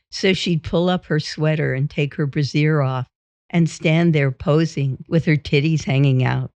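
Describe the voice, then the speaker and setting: Slow, unhurried woman reading a memoir. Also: deep voice, no room sound. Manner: steady, unhurried first-person telling. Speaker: audiobook reader. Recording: dull, dry.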